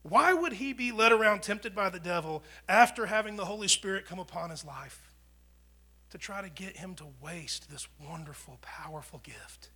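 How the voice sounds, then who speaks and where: A pastor preaching a conversational sermon, swinging from loud proclamation down to near whispers, often repeating and restarting words. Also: male voice, high-pitched, lively intonation, normal speed. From United States.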